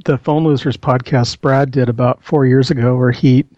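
A man's voice: medium pitch, fairly even intonation, moderate pace, warm tone, dry recording. Hesitant man on dull, dry lo-fi audio. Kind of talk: casual chat.

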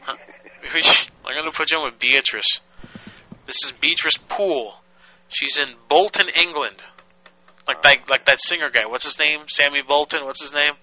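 A man's voice: on the high side, moderate pace, pushed and bright, muffled recording, a little hiss or hum. A man hosting a prank-call show in casual banter, teasing and laughing a lot.

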